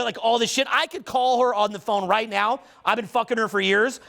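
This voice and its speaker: The speaker is a man with a very high, creaky voice that sounds pushed and bright, though his intonation stays fairly even. As a social skills coach, he gets on a roll in a fast, profane, emphatic rant, improvised and speeding up throughout.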